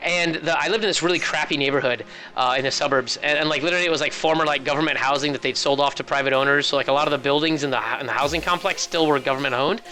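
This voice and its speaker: A man's voice: fairly high pitch, very fast, hardly any pauses, bright, forceful tone. A man casting a game tournament, chatting casually and rambling through joking stories. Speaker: esports caster. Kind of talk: casual chat.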